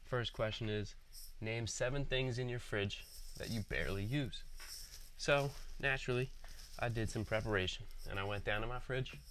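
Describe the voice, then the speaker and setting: A man's voice: medium pitch, moderate pace, fairly bright tone, a little hiss or hum. A twenty-year-old man from Philadelphia, a podcast guest rambling jokily and a bit out of breath. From Philadelphia, Pennsylvania. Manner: jokey, rambling, mock-indignant about food. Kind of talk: casual monologue answering questions.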